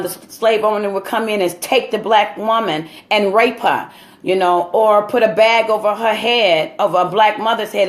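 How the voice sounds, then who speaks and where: A woman hosting her own show, talking straight to viewers in an impassioned, preachy monologue full of "you know" fillers. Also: medium pitch. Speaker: show host.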